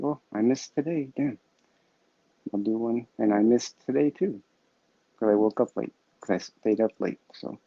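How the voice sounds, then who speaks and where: A man hosting a weekly positive message, talking in a halting, rambling way with many restarts and fillers. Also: fairly low pitch, vocal fry, mellow, no room sound. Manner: halting, full of restarts and fillers, self-amused. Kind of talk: rambling casual monologue. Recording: dull lo-fi dry recording.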